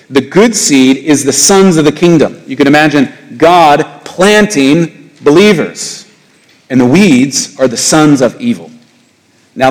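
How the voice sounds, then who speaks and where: Male pastor preaching a sermon; animated, climbs high on rhetorical questions; reverberant church hall.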